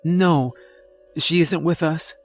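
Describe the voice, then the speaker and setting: Frightened teen girl, put on by a male narrator, raised pitch, hesitant and stumbling, horror storybook. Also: steady tone, slow pace, faint music behind. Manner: stumbling over words.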